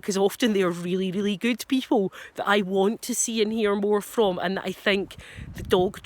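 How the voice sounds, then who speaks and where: A Scottish woman who trains dogs, speaking to camera in a relaxed, candid way. She gives plain-spoken advice and pokes fun at herself in passing. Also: mid-range voice, no room sound. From Scotland. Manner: frank, plain-spoken, self-deprecating. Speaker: dog trainer. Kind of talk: casual advice talk to camera.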